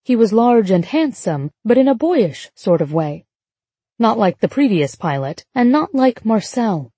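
A woman reading an audiobook in a measured, even storytelling manner on a close studio mic. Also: a little high, breathy edge, no room sound. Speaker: audiobook narrator. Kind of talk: scripted narration.

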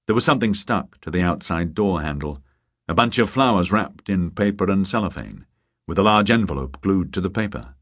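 This audiobook narrator reads a thriller script in a deep voice, keeping his delivery even and measured. The studio recording is close and dry.

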